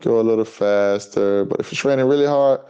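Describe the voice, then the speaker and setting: Man with a lowish smooth voice, laid-back, reading a kids' story and teaching signs. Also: fairly quick, muffled recording. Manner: relaxed, chatty teaching talk with many fillers. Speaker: guest sign language teacher.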